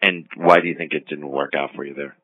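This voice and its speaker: A man's voice: a bass voice, steady tone, fast talker, husky, dry recording. A man interviewing a guest, asking short prompting questions. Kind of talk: phone interview. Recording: dry tinny phone line.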